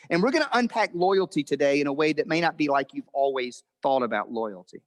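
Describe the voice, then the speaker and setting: A man preaching a sermon, telling a story and acting out the quoted voices with big swings in pitch. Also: animated, brisk, hardly any pauses, big-room sound. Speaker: pastor. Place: church auditorium.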